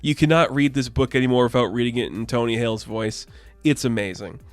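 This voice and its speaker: A man's voice: medium pitch, fairly quick, dry recording, faint music behind. A young man giving a casual, enthusiastic and rambling video review as the channel host. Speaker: comic book reviewer.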